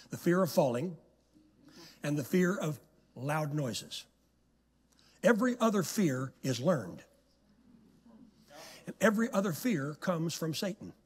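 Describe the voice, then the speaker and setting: A male guest preacher delivering a sermon in a church, telling stories in an animated, dramatic way. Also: a little high, breathy edge. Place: church sanctuary. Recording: long hall reverb in church.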